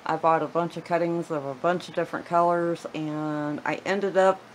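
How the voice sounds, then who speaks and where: A woman's voice: deep voice, fairly even intonation, normal speed, slight background noise, rough recording. A woman giving a casual tour of her houseplants in her living room, chatty and gushing, often trailing off mid-sentence. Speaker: plant vlogger.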